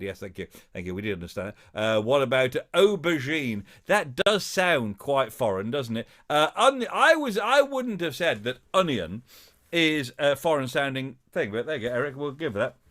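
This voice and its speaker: A man hosts a live online quiz, his voice rising and falling a lot as he talks. He chats in a halting, filler-heavy way and plays along with viewers' guesses. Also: medium pitch, fairly bright tone. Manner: chatty, halting, full of filler sounds; playful, reads out viewer guesses. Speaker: host of a live-streamed show.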